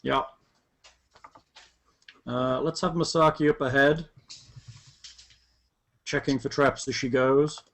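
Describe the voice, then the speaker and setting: A man playing a tabletop game, talking casually with frequent halting restarts. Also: mid-range voice, fairly even intonation, a bit bright. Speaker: player.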